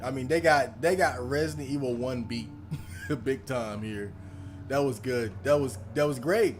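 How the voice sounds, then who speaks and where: A man talking over a game he plays, animated and profane, laughing through his reactions. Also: medium pitch, measured pace, soft background music. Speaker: gaming channel host. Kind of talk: let's play commentary.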